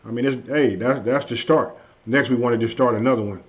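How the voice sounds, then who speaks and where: A man hosting a casual live stream, chatting loosely with viewers and saying his energy is low tonight. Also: brisk. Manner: loose and conversational, frequent "hey" and "you know what I mean". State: a bit under the weather, low energy. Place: at home. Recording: dull lo-fi stream audio.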